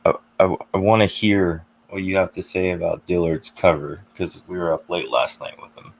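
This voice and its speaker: A man calling into a casual livestream from his phone, friendly and relaxed, stammering slightly. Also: sits low, moderate pace, creaky. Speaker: guest joining the livestream.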